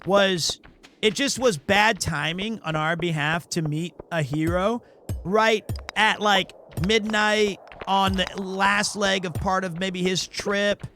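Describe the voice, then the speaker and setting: A man with a fairly high voice tells a casual, rambling anecdote while he streams a game. He keeps circling back and restarting his sentences. A faint hiss sits under his voice. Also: takes it slowly. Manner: rambling, self-correcting, animated anecdote.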